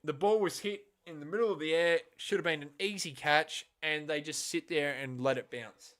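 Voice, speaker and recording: Casual male stream host with a slightly high voice, reacting live to a match and turning loudly exasperated. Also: normal speed. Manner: swings from quiet muttering to loud, exasperated outbursts; blunt and swears casually.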